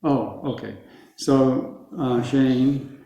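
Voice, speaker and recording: Slow-talking male teacher in an echoey room. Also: medium pitch, steady tone, dark tone, dull audio. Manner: slow, patient, repeats words for the group. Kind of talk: teaching Sanskrit pronunciation to a group.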